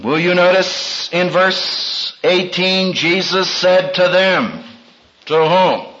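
A man preaching a sermon in a dramatic way, acting out quotes with big swings in pitch. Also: lively intonation, slow pace, a bit bright, dull audio.

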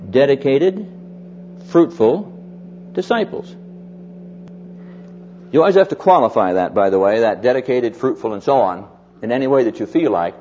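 A man preaching a sermon to a live audience, telling stories in a folksy way and slowing down to stress key phrases. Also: mid-range voice, warm tone, slight background noise. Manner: folksy storytelling with emphatic slowed phrases. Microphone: mic on stand or lapel. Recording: dull lo-fi recording.

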